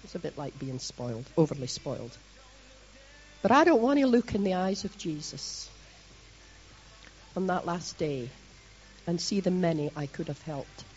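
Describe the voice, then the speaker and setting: A middle-aged Scottish woman from Scotland giving a lively, chatty sermon to her congregation, with self-mocking asides. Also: lowish voice, normal speed, long pauses, lo-fi sound, faint music behind. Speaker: church leader preaching.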